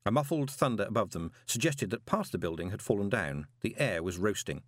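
A man reading a novel aloud as an audiobook narrator, dramatic and expressive with drawn-out pauses. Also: lowish voice, dry recording. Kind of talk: scripted narration. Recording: dry close studio recording.

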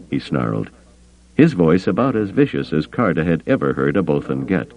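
A man narrating an audiobook in an expressive storytelling manner. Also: extremely low pitch, moderate pace, creaky, muffled recording. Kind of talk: scripted narration.

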